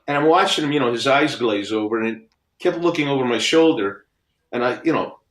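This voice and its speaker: A man's voice: mid-range voice, fairly quick. Middle-aged man telling stories in an echoey room. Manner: animated storyteller acting out other people's lines. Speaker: guest album cover artist. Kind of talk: casual storytelling interview. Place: home studio with framed records on the wall. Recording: roomy echo.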